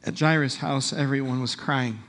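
A man preaching a sermon as pastor, retelling a story with animated delivery and slowing down for emphasis. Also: medium pitch.

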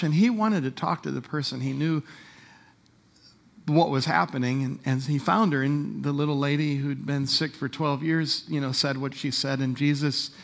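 A man preaching a sermon as pastor, retelling a story with animated delivery and slowing down for emphasis. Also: fairly high pitch.

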